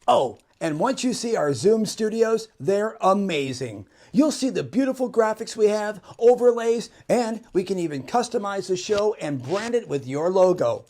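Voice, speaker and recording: A magician and variety performer at a live stage show with an audience chuckles through jokey, folksy, cowboy-flavored showman patter. His voice is fairly high and mellow, and he sounds set back from the mic in an echoing room with faint noise behind him.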